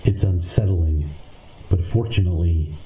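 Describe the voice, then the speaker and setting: A man reading a numbered list of creepy stories aloud in a slow, measured, deadpan manner. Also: sits low. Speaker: narrator. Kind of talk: scripted narration of creepy stories. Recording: echoey room with faint noise.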